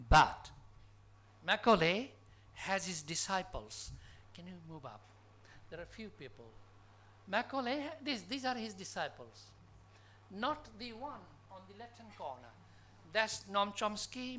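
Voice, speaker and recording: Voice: mid-range voice, bright, forceful tone. A conference speaker from Bangladesh giving an academic lecture in a college hall, posing emphatic rhetorical questions to the audience.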